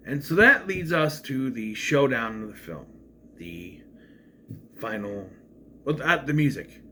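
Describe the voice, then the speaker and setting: Animated rambling man reviewing a film. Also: mid-range voice, slow, a little hiss or hum. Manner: rambling and animated, with frequent restarts and asides. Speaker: movie reviewer. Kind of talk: casual spoken film review.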